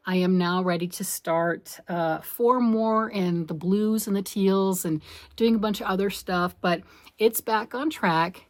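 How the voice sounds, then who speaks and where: A middle-aged woman chatting casually to camera about her crafts from her home, bubbly and self-deprecating. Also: medium pitch. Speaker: crafting vlogger.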